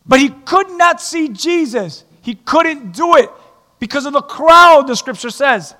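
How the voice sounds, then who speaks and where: A male pastor preaching a sermon in a church, lively and joking, with shouted emphasis. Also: very high voice, a little slow. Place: church sanctuary. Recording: long hall reverb.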